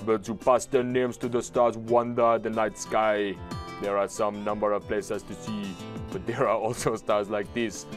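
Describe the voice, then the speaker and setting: A man voicing a laid-back old male migrant bird with a mock Jamaican accent, reading a visual novel aloud in a slow, unhurried drawl. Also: on the low side, little pitch movement, over music, pitched below the performer's own voice, lightly acted. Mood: musing.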